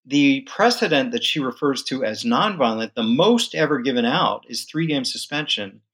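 Guy breaking down a legal ruling on a podcast, emphatic, middle pitch. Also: normal speed, husky. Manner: animated, emphatic storytelling with occasional laughs. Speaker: guest legal and sports business analyst. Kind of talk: conversational explanation in a podcast interview.

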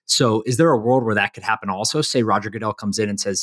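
Fast-talking low-voiced podcast host. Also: male voice, fairly bright tone, no echo, studio quality. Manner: rapid, questioning, checks in with "right?". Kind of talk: casual interview questions.

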